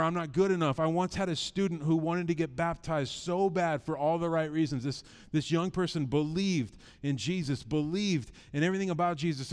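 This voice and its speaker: A middle-aged man preaches to his congregation in a loose, conversational way, circling back on phrases and stressing points with animated energy. His voice sits a little high for a man. The room behind him rings with a long church reverb. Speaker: pastor. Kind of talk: sermon. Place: church sanctuary.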